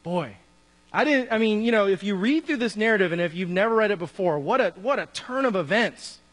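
A high-voiced man preaches in a casual, conversational way and slips into the voices of the people in his story. His words ring out with a long reverb in a church hall. A faint mains hum sits underneath. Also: expressive, fairly quick, a bit bright. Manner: conversational, acts out dialogue. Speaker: pastor. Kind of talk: sermon.

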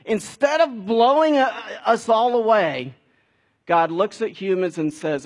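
A man's voice: high voice, measured pace. A man preaching a sermon in a conversational way, building to emphatic peaks. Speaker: pastor.

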